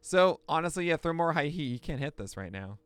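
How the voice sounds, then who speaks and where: A man hosting a pitching analysis, talking through each pitch with excitable outbursts. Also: fairly quick, clear, resonant tone, no room sound. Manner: excitable, bursts into shouts and laughs. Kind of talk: excited play-by-play pitch breakdown.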